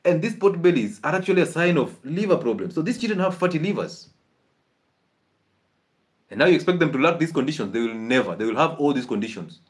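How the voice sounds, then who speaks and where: A man giving a live health talk in an animated, preachy way, laughing often. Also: a little high, fast talker. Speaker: health educator.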